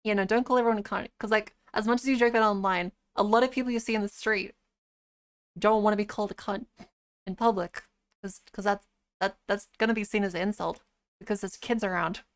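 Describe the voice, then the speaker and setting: A woman's voice: mid-range voice, fairly even intonation, fast. Blunt, swearing woman streamer. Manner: blunt, swears freely, laughs often. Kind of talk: casual live-stream chat.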